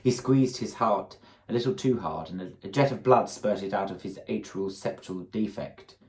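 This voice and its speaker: A man's voice: on the low side, normal speed, poor audio. A man reading a comic story aloud and adding wry asides. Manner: wry asides between narration. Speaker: story reader.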